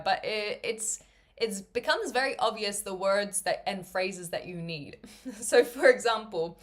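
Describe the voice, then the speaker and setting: A woman chatting live with her stream audience in a loose, rambling way. She fills gaps with ums and uhs and keeps breaking into laughter. Her pitch sits in an ordinary middle range. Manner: chatty, rambling, many fillers, laughs often. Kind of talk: casual chat with viewers.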